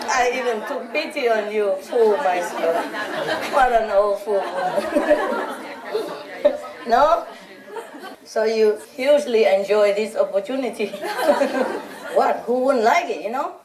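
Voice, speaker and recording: A woman's voice: on the high side, animated, slow pace, pauses often, a crowd in the background. A woman spiritual teacher giving an informal, teasing talk to a group of followers, laughing often. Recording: roomy hall, voice from a distant mic. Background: audience laughing.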